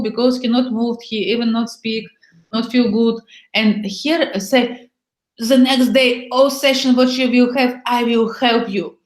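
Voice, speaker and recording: A woman talks in a frank, playful way in broken English, acting out little scenes as she explains. Her voice sits a little high. The room around her is echoey. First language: Bulgarian. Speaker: workshop host. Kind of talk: casual chat.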